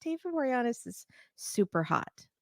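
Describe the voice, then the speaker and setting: A woman from Los Angeles, a podcast guest, chatting casually and quickly. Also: a little high, very animated, creaky, darkish tone, no room sound, studio quality. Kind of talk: casual chat.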